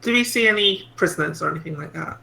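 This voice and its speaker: A playful man chatting at a tabletop game in a high, slow, gravelly voice. His tone is very bright and sharp. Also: low-quality recording. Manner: playful, giggly. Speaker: player. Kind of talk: casual tabletop game chat.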